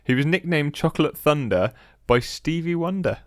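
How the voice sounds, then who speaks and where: A man's voice: on the high side, expressive, moderate pace, no echo. A young man hosting a casual podcast quiz, chatty and teasing, laughing often as he reads the questions out. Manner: chatty, giggly, teasing quizmaster. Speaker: podcast co-host running a quiz.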